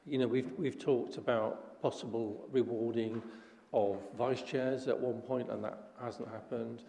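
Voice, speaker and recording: A man's voice: medium pitch, fairly even intonation, unhurried, vocal fry, dark tone. A man speaking as a councillor in a council meeting debate, hesitant and repeating words. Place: large council chamber. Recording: roomy hall reverb.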